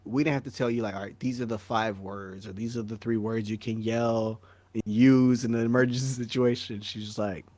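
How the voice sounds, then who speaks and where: A man co-hosting a podcast, telling a story in casual chat, slangy and animated, with "bro" and "dog" peppering his talk. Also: lowish voice, brisk, no echo. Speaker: podcast co-host.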